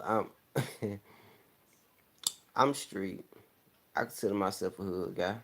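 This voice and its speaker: A man's voice: fairly low pitch, steady tone, unhurried, pauses often, a bit bright. A young man from the American South with a country accent, chatting casually in a loose, rambling way, slurring words a little and laughing often. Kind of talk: casual chat.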